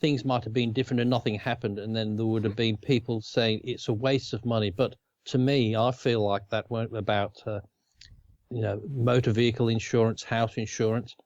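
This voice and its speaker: A man's voice: fairly low pitch, steady tone, moderate pace, darkish tone, no room sound, muffled recording. A man with an Australian accent co-hosting a casual chat, rambling and chuckling often. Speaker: co-host.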